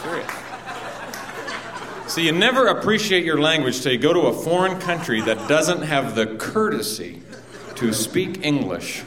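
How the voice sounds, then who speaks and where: A man doing a stand-up comedy routine, telling a travel story with lively delivery and mock foreign accents, while an audience laughs. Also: on the high side, a little slow, crowd noise. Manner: animated storytelling, mock French and Spanish accents. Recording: roomy, distant live recording with noise.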